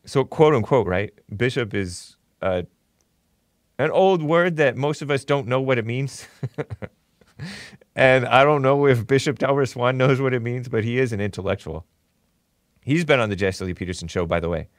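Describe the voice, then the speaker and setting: A man's voice: medium pitch, normal speed, no echo. Guy hosting his own talk show, sarcastic commentary, laughs at stuff, dry studio sound. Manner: mocking, chuckles often while reading posts. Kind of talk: opinionated commentary.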